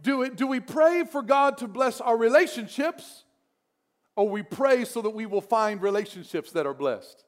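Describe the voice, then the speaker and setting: A man with a notably high voice preaching to his congregation. He drops into hushed prayer, then drives points home by repeating phrases with rising force. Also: normal speed. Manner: lively preaching, swings between soft prayer and emphatic repetition. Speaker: pastor. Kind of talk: sermon.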